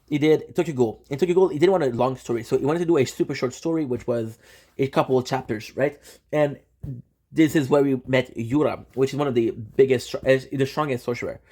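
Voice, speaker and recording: A young man hosting his channel, excitedly recapping an anime in casual slang, with lots of restarts and swearing. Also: mid-range voice. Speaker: channel host.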